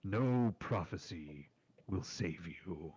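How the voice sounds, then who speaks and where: A dying boar spirit rumbles out its prophecy, voiced by a man in a deep, low register. The delivery is slow and solemn, with ominous weight on every phrase. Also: lively intonation, a little mellow, breathy edge, muffled recording, exaggerated voice.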